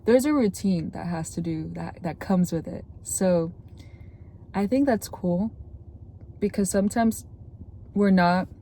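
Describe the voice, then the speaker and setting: A young woman with a sore throat, a content creator, gives chatty, earnest advice while talking to camera, filling her speech with "like." Her medium-pitched voice is dark-toned and a little slow, and there's a little hiss or hum in the recording.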